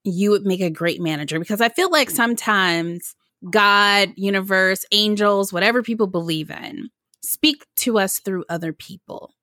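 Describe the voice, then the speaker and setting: A woman hosting a podcast interview, asking reflective questions with animated, spiritual asides. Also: mid-range voice, moderate pace, no room sound, studio quality. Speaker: podcast host.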